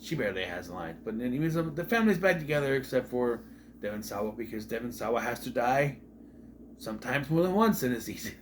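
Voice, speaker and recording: A man's voice: mid-range voice, very animated, fast talker, a little hiss or hum. A young man giving a casual, rambling spoken review of a TV episode, exasperated, swearing now and then and often restarting his sentences.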